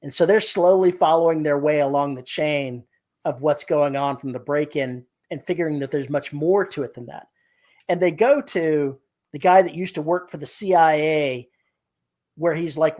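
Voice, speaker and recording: Guy on a writing podcast, kinda high voice, chatty, tells stories and does the lines. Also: darkish tone. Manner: chatty storyteller, acts out quotes. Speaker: podcast co-host. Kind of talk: casual chat about writing.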